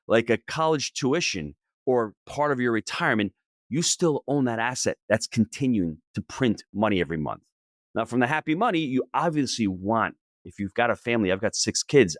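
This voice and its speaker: A middle-aged man answering interview questions in an energetic, emphatic and persuasive way. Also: fairly low pitch, no room sound, studio quality. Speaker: podcast guest.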